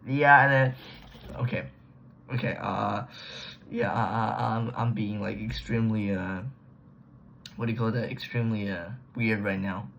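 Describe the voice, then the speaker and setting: A man's voice: fairly low pitch, fairly even intonation, unhurried, creaky, pauses often, fairly bright tone, slight background noise. A man casually recapping a book he read, using slang, restarting sentences and trailing off. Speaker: book reviewer. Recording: dull lo-fi recording.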